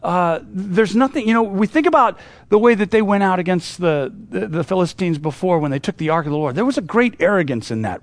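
A man's voice: sits high, expressive, brisk, dry recording. A man teaching through a Bible passage in a casual, conversational way, with lots of asides and restarts.

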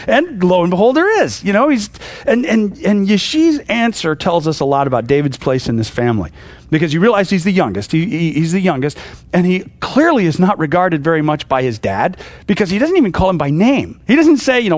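A man's voice: high-pitched, big pitch swings, fairly quick, no room sound. A middle-aged man teaching from the Bible in a casual, conversational way, full of fillers and restarts, acting out the people he quotes. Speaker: pastor.

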